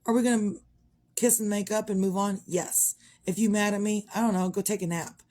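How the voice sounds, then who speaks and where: A woman's voice: medium pitch, steady tone, a little fast, mellow. A middle-aged woman, talking frankly in a rambling, casual monologue and swearing freely. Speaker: vlogger.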